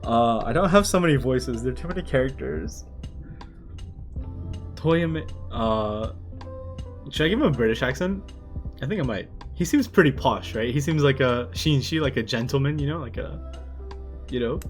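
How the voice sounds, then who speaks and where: A man's voice: mid-range voice, animated, normal speed, soft background music. A man reading a manga aloud on a live stream, chatting in a rambling, self-deprecating way with lots of fillers. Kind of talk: casual live-stream commentary.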